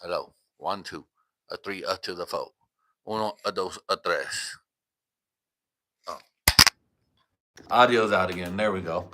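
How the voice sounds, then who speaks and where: A man rambling through crude trash talk on a home livestream, his voice sitting at an ordinary pitch. He talks into a desk mic in a room at home, loose and unfiltered. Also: measured pace, long pauses, pushed and bright. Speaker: livestream host. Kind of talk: crude casual livestream chat. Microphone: desk microphone.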